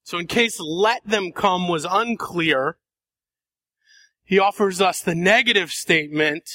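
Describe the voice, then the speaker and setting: A man preaching a sermon, dramatic, acting out voices and shifting between soft and loud passages. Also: high-pitched, measured pace, no room sound. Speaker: pastor.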